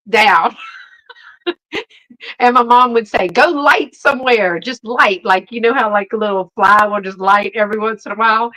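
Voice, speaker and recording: A woman's voice: mid-range voice, fairly bright tone, low-quality recording. A woman hosting a casual live stream, rambling in a chatty way and greeting viewers by name. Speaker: host.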